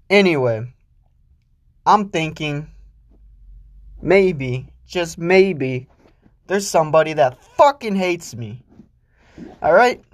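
On his solo podcast, this young host swears constantly as he rambles through a crude rant. His volume keeps shifting from shouted bursts down to low mumbles.

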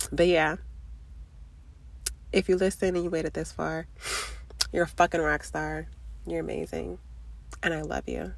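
A woman's voice: sits low, expressive, unhurried, creaky, long pauses, no room sound. A woman in her twenties with a nasal, stuffy voice from a cold, rambling candidly in a casual confessional vlog. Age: 20s. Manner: rambling, filler-heavy, candid. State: congested, under the weather. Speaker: vlogger.

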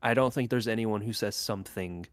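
A man's voice: on the low side, a little fast, dry recording. A young man in casual chat, laid-back and teasing, who drops the final g on his words.

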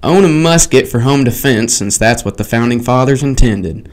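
A man reading aloud in a put-on accent as a pompous colonial-era gentleman defending his home with old weapons. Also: mid-range voice, expressive, moderate pace, natural voice. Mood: gleeful bluster. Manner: theatrical put-on accent, gleeful.

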